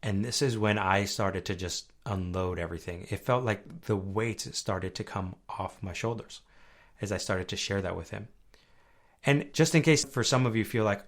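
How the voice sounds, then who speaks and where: A young man hosting a faith podcast, talking earnestly and conversationally, dropping soft and low at times and then rising loud and high when stirred. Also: moderate pace. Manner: earnest, conversational, often asks "right?". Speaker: podcast host. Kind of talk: faith-based personal podcast talk.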